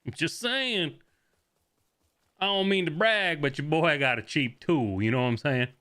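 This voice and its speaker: A young man streaming a shooter game, talking fast and loose as he plays, swearing, laughing and answering chat. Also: a little high, lively intonation, sharp tone. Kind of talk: live gameplay commentary.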